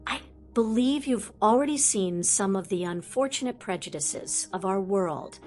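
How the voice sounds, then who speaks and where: A wise old male headmaster from a storybook, formal and measured, calm with a stern edge, as a woman narrator voices him. His speech is courteous and unhurried. Faint music sits under him. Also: medium pitch, natural voice.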